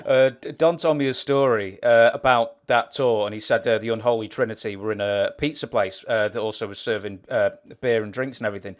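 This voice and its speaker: A man's voice: fairly low pitch, brisk, few pauses. A man, the interviewer, casually retelling a story he was told, chuckling as he goes. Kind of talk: casual chat.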